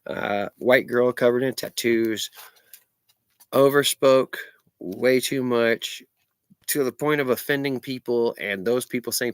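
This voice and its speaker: A man's voice: medium pitch, a little slow, a bit bright, clean tone, no room sound. A middle-aged man telling a story in a blunt, sweary, sarcastic rant to his vlog audience. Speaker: vlogger. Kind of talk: profane ranting storytelling.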